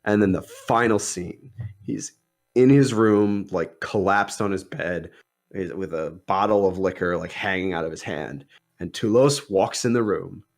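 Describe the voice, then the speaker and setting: A man's voice: low voice, measured pace, vocal fry. A young man on a podcast casually retelling a film plot, rambling with lots of "like" and "um". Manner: rambling retelling with many likes and ums. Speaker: podcast co-host. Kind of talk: casual movie discussion.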